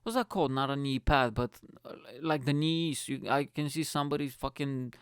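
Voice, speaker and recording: A man hosting his own podcast from his attic room, talking in an excitable, profane, joking monologue. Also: mid-range voice, moderate pace, clear, resonant tone, no echo. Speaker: podcast host. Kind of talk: casual solo podcast monologue.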